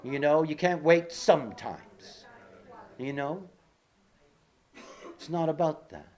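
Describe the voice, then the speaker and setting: Slow and expressive, this male speaker has a fairly high pitch and a somewhat dark timbre. His casual lecture wanders through personal anecdotes, packed with filler words and side remarks, and he leans on repeated key words to drive points home.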